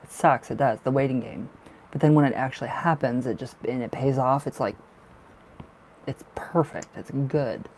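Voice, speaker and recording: A man's voice: medium pitch, normal speed, a little hiss or hum. Rambling man giving a tarot reading. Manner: casual, rambling, repeats words. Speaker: tarot reader.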